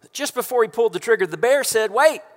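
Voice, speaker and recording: A pastor preaching a sermon from a church stage into a microphone, conversational and joking with the congregation. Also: male voice, very high voice, animated, fast talker. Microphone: stage microphone through house speakers. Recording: long church reverb.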